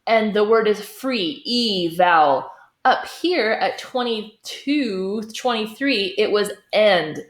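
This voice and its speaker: Choir teacher, woman, unhurried explainer, checks in often, roomy echo. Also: mid-range voice, lively intonation. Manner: demonstrates sung phrases, checks in with "okay?". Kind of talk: singing lesson. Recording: echoey room.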